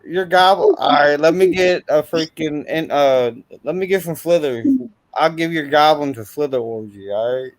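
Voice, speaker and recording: A man with a somewhat high voice chats as a guest on a live stream. He talks loosely and jokes crudely. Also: normal speed, no echo. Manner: crude, joking. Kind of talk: casual live-stream chat.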